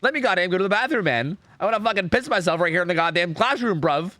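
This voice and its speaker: A man voicing a foul-mouthed five-year-old boy loudly swearing at his teacher. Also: high voice, expressive, quick pace, no echo, pitched above the performer's own voice. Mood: exasperated. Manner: shouty, swearing, exasperated.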